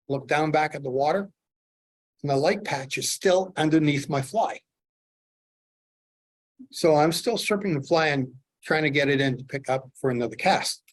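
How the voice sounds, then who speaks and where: A middle-aged man from Canada telling lively fishing stories while demonstrating fly tying to a club audience. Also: fairly high pitch. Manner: animated storyteller, acts out his own excitement. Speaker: fly tier, presenter.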